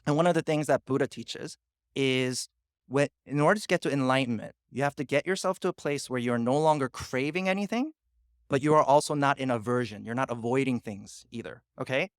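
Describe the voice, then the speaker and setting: A middle-aged man giving a keynote talk, recounting a personal story with animated delivery, frequent laughs and acted-out inner thoughts. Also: mid-range voice, brisk, no room sound, studio quality. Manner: animated, laughs often, acts out his own inner voice. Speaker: keynote speaker.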